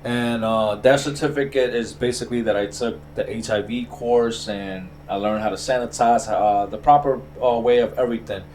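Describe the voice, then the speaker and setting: A man's voice: mid-range voice, steady tone, moderate pace, hardly any pauses, darkish tone, a little hiss or hum. A man from the Bronx, a barber chatting casually and telling a rambling, frustrated story full of restarts. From the Bronx, New York. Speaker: barber, stream host.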